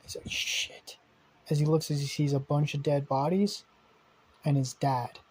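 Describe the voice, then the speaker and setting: A young man tells an improvised story in a loose, rambling way, stumbling over restarts and dropping casual curses. His voice is husky and mellow, sitting a little higher than most men's. He sounds off the cuff rather than scripted. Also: steady tone, normal speed, rough recording. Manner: rambling, with fillers, restarts and swearing. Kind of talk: improvised fan-fiction storytelling.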